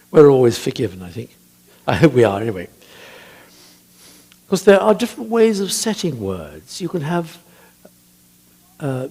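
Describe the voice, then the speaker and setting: An older man with a husky voice, a church composer telling chatty anecdotes about music, hesitant with frequent ums. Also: mid-range voice, a little mellow. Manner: chatty, hesitant with many ums, laughs at his own stories. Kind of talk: anecdotal talk.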